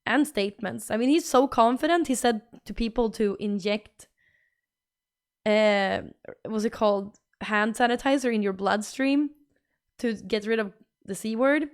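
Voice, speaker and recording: Woman, streamer, casual chat, rambling, filler-heavy, a bit high-pitched. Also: clear, resonant tone. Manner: rambling, chatty, halting with fillers.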